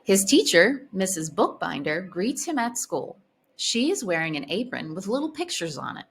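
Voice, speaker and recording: A woman reading a children's picture book aloud in a clear, expressive manner. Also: mid-range voice, moderate pace, a little hiss or hum. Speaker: storybook reader. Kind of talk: read-aloud storytelling.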